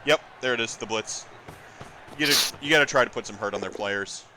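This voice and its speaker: A man's voice: mid-range voice, brisk, bright, forceful tone. A man co-commentating a tabletop game stream casually, teasing and always urging bold, aggressive plays. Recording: noisy background.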